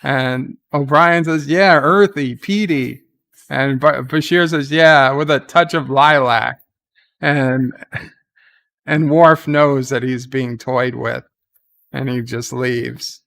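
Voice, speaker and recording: A man's voice: mid-range voice, steady tone, takes it slowly, vocal fry, fairly bright tone. A man hosting a live reaction stream, retelling the scenes in a casual, rambling way with restarts and fillers.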